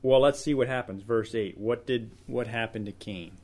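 Man, Bible study leader: earnest, conversational, mid-pitched, prone to repeating himself mid-thought. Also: normal speed, darkish tone. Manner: earnest, repeats words as he thinks aloud. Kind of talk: informal Bible teaching to a small group.

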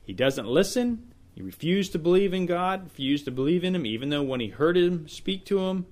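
A man's voice: on the high side, sing-song, normal speed, a little mellow. A man leading a small-group Bible study in an informal teaching style, earnest and often repeating words as he thinks aloud.

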